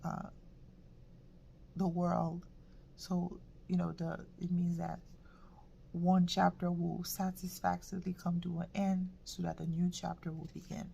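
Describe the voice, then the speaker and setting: Gravelly low-voiced woman reading tarot. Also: level tone, a little hiss or hum. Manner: halting, drifting, slips into soft whispers; repeats words, gentle reflective delivery. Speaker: tarot reader. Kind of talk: casual tarot reading to camera.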